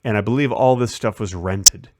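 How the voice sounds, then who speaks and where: Speaking at a normal speed in a fairly low, slightly mellow voice, a man hosting a casual stream tells loose, rambling stories about a shoot and acts out the lines he quotes. The studio-quality audio has no echo.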